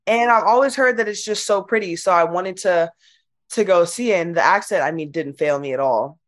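A young woman, a college basketball player, talks through her season and her travels in a relaxed, chatty way. Her voice sits a little low, and she often mimics what people said. She fills her speech with "like" as she goes. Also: fairly quick. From United States. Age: young adult. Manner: chatty, lots of "like", animated retelling. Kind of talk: casual interview chat.

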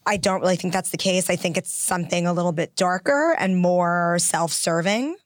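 A woman's voice: fairly low pitch, normal speed, no echo, clean studio sound. A woman co-hosting a casual podcast, giving emphatic, opinionated takes. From half English by family. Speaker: podcast co-host. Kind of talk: casual chat.

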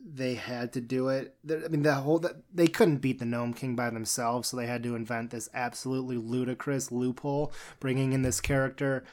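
A podcast co-host talking casually about a film, playful and quick to laugh. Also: medium pitch, flat delivery, a little mellow. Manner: playful, laughing, acts out quotes.

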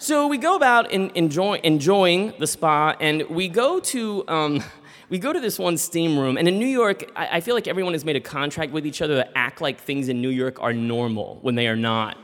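A man telling a comic personal story live on stage, animated and acting out voices. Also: on the high side, moderate pace, big-room sound, slight background noise. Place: theater stage.

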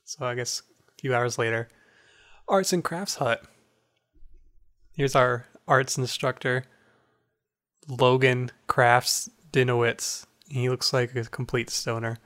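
A man's voice: mid-range voice, steady tone, takes it slowly, long pauses, a bit bright. Matter-of-fact man game master. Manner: plain, matter-of-fact narration. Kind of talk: narrating a tabletop game.

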